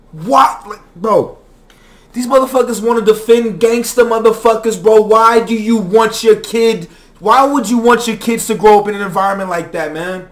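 A young man ranting in a profane, exasperated reaction commentary, now and then breaking into shouts. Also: high voice, normal speed. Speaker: commentary vlogger.

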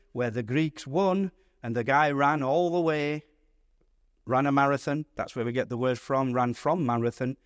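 Lively male pastor teaching a Bible study. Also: medium pitch, no room sound, studio quality. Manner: lively, conversational teaching with rhetorical questions to the audience.

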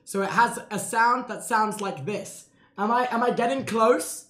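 Brief: male streamer, high pitch, excitable, swears, comic running commentary. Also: measured pace, faint music behind. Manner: excitable, swearing, joking narration of mishaps. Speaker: streamer commentating a live event. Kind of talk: casual live-stream commentary.

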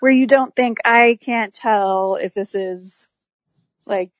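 A woman who is a guest on a casual movie podcast, agreeable and quick to affirm what others say. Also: on the high side, dry recording, muffled recording. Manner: agreeable, lots of affirming interjections.

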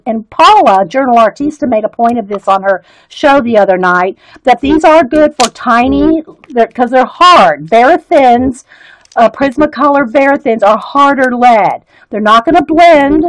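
Chatty woman craft streamer, highish voice, giggly and rambling, dry close sound. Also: dry recording, rough recording. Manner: chatty and giggly, with many fillers and restarts. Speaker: art and craft livestream host. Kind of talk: casual live-stream chat, reading viewer comments. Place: home craft studio.

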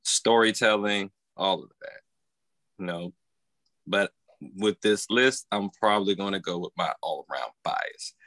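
A man's voice: sits low, unhurried, pushed and bright, no echo. A man co-hosting a podcast, talking casually. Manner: hesitant, hedging. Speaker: podcast co-host. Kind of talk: casual debate chat.

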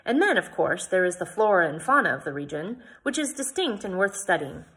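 A woman reading as an eager gentleman scholar. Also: on the low side, big pitch swings, a little fast. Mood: enthusiastic. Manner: eager, jolly, exclaiming. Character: enthusiastic bearded male gentleman scholar.

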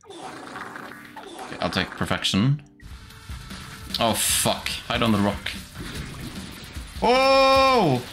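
A man streaming a game in casual commentary, excitable, swearing often and laughing a lot. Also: on the low side, unhurried, pauses often. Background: game music.

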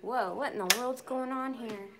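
A middle-aged woman chatting excitedly and frankly on a live phone stream from her home shed. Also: on the high side, moderate pace, heavy background noise. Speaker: purse vlogger. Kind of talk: casual live-stream chat. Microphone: phone camera.

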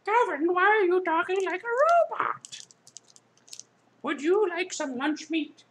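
A man voicing a squeaky, nagging elderly person who fusses over him in a high falsetto. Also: expressive, measured pace, fairly bright tone, slight background noise, heavily acted. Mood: teasing.

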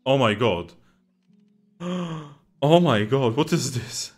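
A man's voice: mid-range voice, animated, slow, soft background music. A man giving let's-play reaction commentary, incredulous and exasperated, swearing and bursting into laughter at the game. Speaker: gaming YouTuber.

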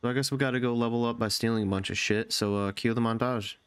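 A man giving profane, excitable let's-play commentary as a gaming YouTuber, often yelling at the game. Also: mid-range voice, quick pace.

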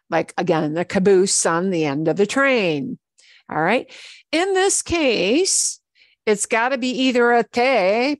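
A woman teaches a Spanish lesson at an unhurried pace. She repeats each word patiently for her learners, and her voice sits close and dry on the mic. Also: mid-range voice, no room sound. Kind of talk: online language lesson.

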